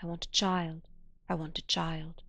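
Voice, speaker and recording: A woman's voice: on the low side, brisk, no room sound, lightly acted. A woman reading a tearful, pleading working-class woman. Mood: grieving. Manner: plain-spoken, pleading, emotional.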